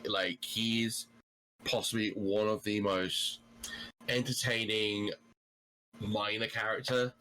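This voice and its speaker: Podcast guest, man, lowish voice, blunt, curses casually. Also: level tone, slow, pauses often, pushed and bright, slight background noise, low-quality recording. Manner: blunt, swears freely. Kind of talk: casual chat.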